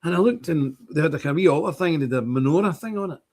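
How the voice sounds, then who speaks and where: A man's voice: on the high side, lively intonation, very fast, a little mellow. An older man hosting a livestream, talking casually and ranting indignantly in bursts. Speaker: streamer host.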